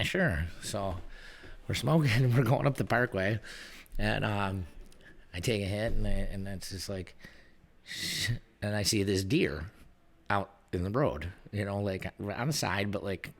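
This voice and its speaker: A man's voice: on the low side, animated, normal speed. A man co-hosting a podcast, telling a story in a laid-back, rambling way, recorded in a bar. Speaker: podcast co-host. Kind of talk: casual chat, storytelling.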